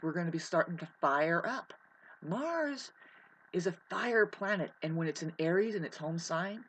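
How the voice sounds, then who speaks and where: Rambling woman swinging from murmur to shout. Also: mid-range voice. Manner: rambling, swinging from quiet musing to shouting, profane. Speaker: vlogger. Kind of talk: rambling astrology monologue.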